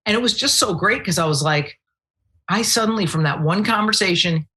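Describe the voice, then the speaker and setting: A woman's voice: mid-range voice, brisk, sharp tone. A woman guesting on a podcast, telling stories in brash, casual chat and swearing freely.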